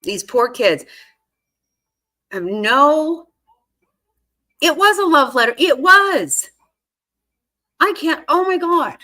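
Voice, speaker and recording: A woman's voice: sits high, very animated, slow, pauses often, pushed and bright. A woman giving casual reaction commentary on a court case, indignant and swearing freely as she talks back at the screen. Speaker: true-crime commentary host.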